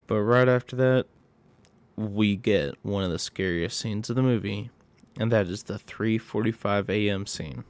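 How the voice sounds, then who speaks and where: Man, casual horror movie recap, excitable, swears a lot, gravelly voice, slow delivery. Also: lowish voice, no room sound. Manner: profane, excitable storytelling.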